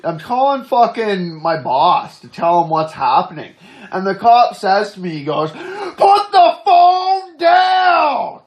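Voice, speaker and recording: Animated profane man storytelling. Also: high voice, normal speed. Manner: animated, swears constantly, laughs through his story.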